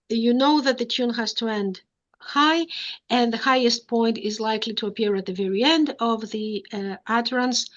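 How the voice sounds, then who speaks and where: On a lo-fi recording, a woman with a medium-pitched, fairly bright voice delivers an academic lecture. She walks through ideas step by step, regularly checking in with her audience by asking "right?" and "okay?".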